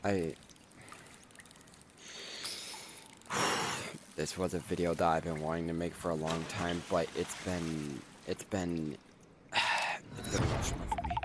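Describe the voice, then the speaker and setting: Very deep-voiced young man, holding back tears. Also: heavy background noise. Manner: emotional, halting, with sighs and restarts. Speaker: content creator. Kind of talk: personal video update.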